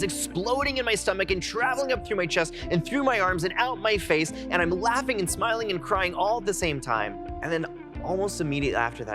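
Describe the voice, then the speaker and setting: A young man in his twenties tells a personal story as a keynote speaker. His voice sits a little high and turns animated and heartfelt. Music plays clearly underneath him. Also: brisk.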